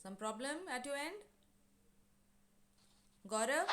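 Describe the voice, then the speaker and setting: A woman's voice: high voice, expressive, takes it slowly, background noise. A woman teacher with an Indian English accent, patiently explaining each phrase in plain words during an online class over a video call.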